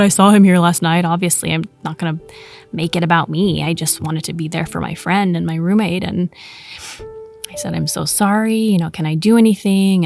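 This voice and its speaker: A woman podcast host telling a personal ghost story in a chatty, animated way, acting out the quoted lines. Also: lowish voice, gravelly. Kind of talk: casual storytelling.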